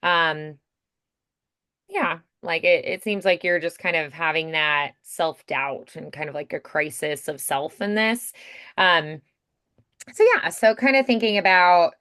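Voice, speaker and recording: A woman voice coach giving relaxed, chatty feedback, filling her talk with "like" and "you know" and slipping into example lines. Her voice sits a little low and sounds smooth and clear. The recording is dry and close. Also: measured pace, no echo. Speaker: voice acting coach.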